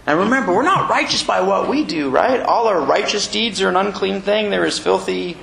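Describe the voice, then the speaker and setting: A man preaching a sermon in a church, animated and chuckling as he acts out little quotes. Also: high-pitched, moderate pace, gravelly. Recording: echoey room with faint noise.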